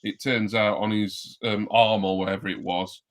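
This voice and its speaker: A man's voice: lowish voice, little pitch movement, normal speed. A man co-hosting a podcast, chatting casually in a rambling way and chuckling between thoughts. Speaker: podcast co-host. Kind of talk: casual chat.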